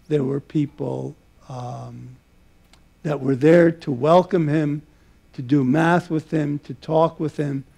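An older man giving a public lecture at a museum, recalling a colleague in a halting way with many filler pauses. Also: fairly high pitch, vocal fry, mellow. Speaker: mathematician giving a public talk. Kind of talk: public lecture with personal anecdotes. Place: museum lecture hall before an audience.

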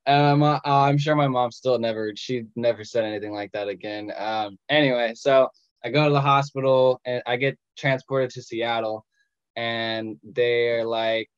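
A man's voice: medium pitch, steady tone, moderate pace, clean tone, dry recording, muffled recording. A man in his twenties telling his own story in a casual, self-mocking way on a video call. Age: 20s. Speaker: patient sharing his story.

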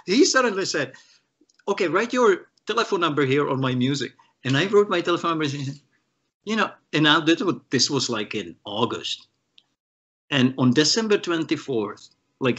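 A man from the Czech Republic, a guest guitarist, telling animated stories in an interview and acting out the voices of the people he quotes, with many restarts. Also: a little high, breathy edge. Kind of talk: storytelling in an interview.

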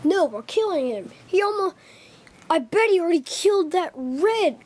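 A woman performing a homemade fan skit, voicing every role herself and jumping between high and low voices as the characters squabble. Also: sing-song, normal speed, darkish tone.

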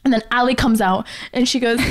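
A woman in her twenties, a podcast co-host, telling a story in casual chat, animated and swearing freely as she acts out what people said. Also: on the high side, moderate pace. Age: 20s.

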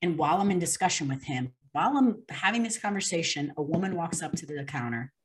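A young woman with a notably low-pitched voice recounts a personal story as an interview guest. She talks in an earnest, unpolished way, full of ums, likes and restarts. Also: animated, quick pace. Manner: earnest, with many fillers and restarts.

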